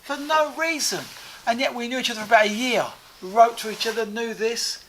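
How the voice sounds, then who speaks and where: Animated man telling a bright story. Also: extremely high pitch, fairly quick, slight background noise, rough recording. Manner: animated, swears freely, repeats "I said". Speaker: interview guest. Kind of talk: casual anecdote telling.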